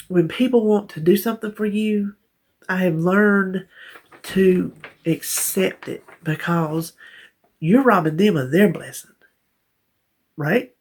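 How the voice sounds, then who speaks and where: Raspy woman chatting to viewers. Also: lowish voice. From North Carolina. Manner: chatty, self-deprecating, warm addressing viewers as y'all. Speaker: vlogger. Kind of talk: casual chat to camera.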